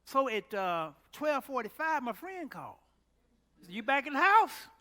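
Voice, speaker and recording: A man preaching a storytelling sermon, animated, exclaiming loudly at times and dropping to a hush at others. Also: very high-pitched, moderate pace, big-room sound.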